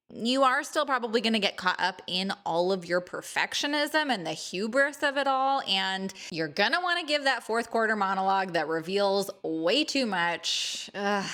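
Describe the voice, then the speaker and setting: A woman talks straight to her viewers in a relaxed, chatty way. She teases and jokes, then lands her punchlines with mock drama. Her voice sits at an ordinary middle pitch. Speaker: astrology video host. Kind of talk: casual playful monologue to camera.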